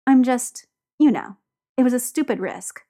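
A woman's voice: fairly high pitch, expressive, unhurried, mellow. Grumpy young guy, curt and bitter, read by a woman. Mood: sullen. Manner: curt, sullen. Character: grumpy, resentful young man.

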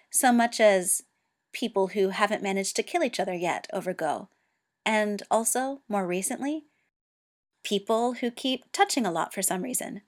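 Woman narrator, story reading, steady, mid-pitched voice, even delivery. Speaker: reader. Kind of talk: reading fan fiction aloud.

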